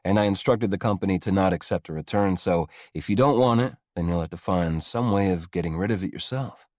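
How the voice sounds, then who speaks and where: A man voicing a smooth, deep-voiced billionaire. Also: brisk, a little mellow, no room sound, clean studio sound, natural voice. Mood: teasing. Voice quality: low gritty voice. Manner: smooth, commanding. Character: confident rich young man, smooth and teasing. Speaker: love interest. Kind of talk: audiobook dialogue.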